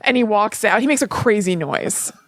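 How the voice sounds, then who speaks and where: A woman's voice: medium pitch, expressive, normal speed, no echo. A woman co-hosting a casual podcast, rambling and laughing as she acts out quotes in a chatty retelling. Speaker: podcast co-host. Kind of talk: casual chat.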